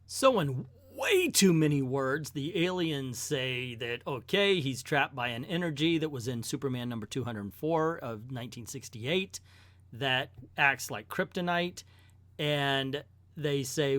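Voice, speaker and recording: Man, comic book reviewer, lively sing-song delivery, dry close mic; casual and joking. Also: mid-range voice, measured pace, no room sound. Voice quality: chatty, wry asides.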